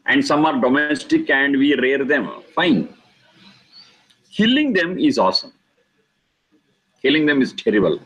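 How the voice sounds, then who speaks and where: A man teaching a lesson on scripture, speaking slowly and emphatically, repeating key words for stress. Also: mid-range voice, very animated, fairly bright tone, poor audio. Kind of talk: lecture explaining scripture.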